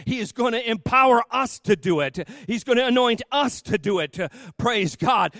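A man's voice: extremely high pitch, fairly bright tone, no echo, clean studio sound. A man preaching a sermon in church, acting out scripture scenes with playful dialogue and building to a fervent call to prayer. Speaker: pastor.

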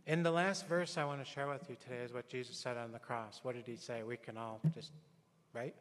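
A man's voice: mid-range voice, fairly even intonation, a little fast, fairly bright tone. Man preaching in an echoing church. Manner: conversational preaching with anecdotes and acted quotes. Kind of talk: sermon. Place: church sanctuary. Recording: long hall reverb.

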